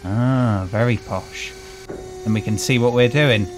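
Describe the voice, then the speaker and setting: A man's voice: medium pitch, measured pace, background noise. Chatty British man doing game commentary. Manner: chatty and wry, greeting game characters. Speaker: gaming channel host. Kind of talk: casual let's-play commentary.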